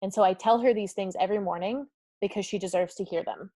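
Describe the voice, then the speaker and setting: Bubbly, fast-laughing woman hosting live. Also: mid-range voice, no room sound. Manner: energetic and effusive, laughs often; talks directly to viewers and reads comments aloud. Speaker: summit host. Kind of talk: live-streamed motivational talk.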